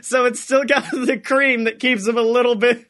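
High, bright-voiced young man riffing. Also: level tone, normal speed. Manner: rambling, swears a lot, acts out voices in quotes. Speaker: podcast co-host. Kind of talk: casual comedic chat.

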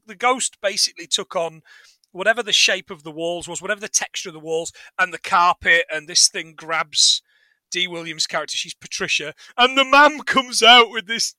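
A man chats casually on a film podcast, high-pitched and very bright in tone. He laughs often and swears freely. The sound is close and dry. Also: no room sound. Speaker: podcast co-host.

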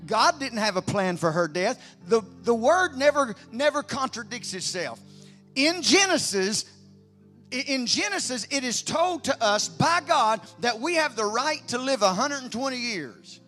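A man, preaching a sermon emphatically, moving between loud declarations and quiet storytelling. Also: very high-pitched, lively intonation, normal speed, hardly any pauses, soft background music. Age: 50s. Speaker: pastor.

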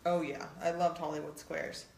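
A woman's voice: low-pitched, level tone, normal speed, vocal fry, a little mellow, reverberant, slight background noise. A middle-aged woman co-hosting a playful couples quiz game, teasing and laughing often. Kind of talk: casual chat.

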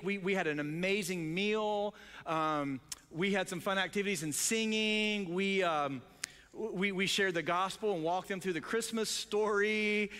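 A male pastor telling a story in a sermon, excited, with many restarts. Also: high-pitched, smooth, in a large hall.

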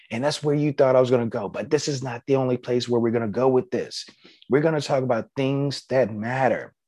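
A man's voice: medium pitch, a little mellow, no echo, studio quality. A man hosting a podcast on his own, talking casually and encouragingly, with plenty of fillers. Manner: conversational, filler-heavy, encouraging. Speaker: podcast host. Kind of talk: casual solo podcast talk.

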